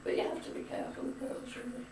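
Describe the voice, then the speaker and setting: A grandmother talks fast in a slightly mellow voice, sharing family stories in a chatty, opinionated way during an interview. The home-video recording comes from a distant camcorder mic in an echoey room, with slight background noise.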